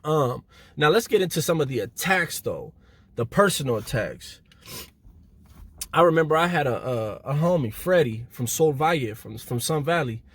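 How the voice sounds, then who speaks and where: A middle-aged man from Southern California casually telling stories to camera in loose street slang, getting animated as he reenacts moments. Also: on the high side, moderate pace, breathy edge. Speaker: channel host telling prison stories.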